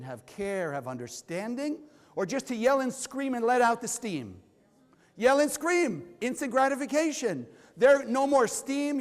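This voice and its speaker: Man, high voice, spiritual teacher, emphatic, questions the audience, long hall reverb. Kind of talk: spiritual lesson. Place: lecture hall.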